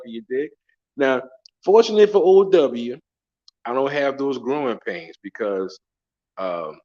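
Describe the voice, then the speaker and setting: A man's voice: medium pitch, highs cut off. A middle-aged man from the States, telling stories in a profane, slangy, laughing way in a casual monologue. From Southern United States. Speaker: travel vlogger.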